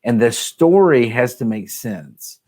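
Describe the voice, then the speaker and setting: A man answering questions as a medical school admissions advisor, speaking in a measured, explanatory way with frequent "you know"s and "uh"s. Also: mid-range voice, lively intonation, darkish tone. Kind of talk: casual advice podcast chat.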